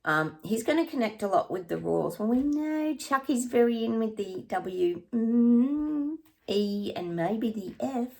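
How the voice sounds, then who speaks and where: A woman's voice: fairly high pitch, lively intonation, a little slow, gravelly, darkish tone. A woman psychic chatting through her predictions in a rambling, casual way, sometimes dropping to a near-whisper.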